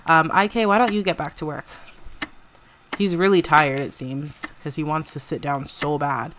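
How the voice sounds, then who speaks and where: A young woman chatting casually through a life-sim game, bubbly and loose with her fillers. Her voice sits low for a woman. Faint hiss and mouse clicks run under the recording. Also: steady tone, normal speed, fairly bright tone. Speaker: let's play creator.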